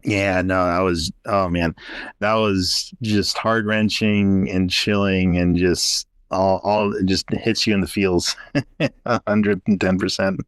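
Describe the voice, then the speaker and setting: A podcast guest reflecting earnestly on a heart-wrenching scene in casual chat. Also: male voice, low-pitched, little pitch movement, takes it slowly, clean tone, no room sound, clean studio sound.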